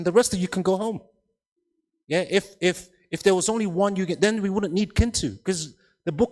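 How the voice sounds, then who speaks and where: A man's voice: fairly high pitch, a little mellow. A man speaking on a festival panel, emphatic, often repeating words and checking whether the audience follows. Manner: emphatic, repeats words, asks "does that make sense?". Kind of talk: panel discussion talk. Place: festival hall. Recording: long hall reverb.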